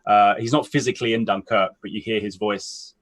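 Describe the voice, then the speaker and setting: A man chatting casually about movies as a co-host, his voice sitting on the low side. He thinks out loud, circling through long sentences before landing his point. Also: fairly even intonation, brisk. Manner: rambling, thinks aloud in long winding sentences. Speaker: film podcast co-host. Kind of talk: casual film chat.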